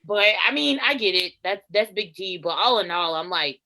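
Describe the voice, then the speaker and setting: A woman co-hosting a reality show recap, animated and opinionated, often laughing. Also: on the low side, moderate pace, few pauses, rough recording. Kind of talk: casual chat.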